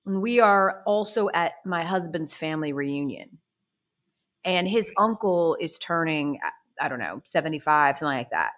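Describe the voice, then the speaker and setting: A woman's voice: low-pitched, animated, normal speed, a bit bright. A woman in her thirties co-hosting a casual sports talk show, chatty, candid and exasperated. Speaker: co-host.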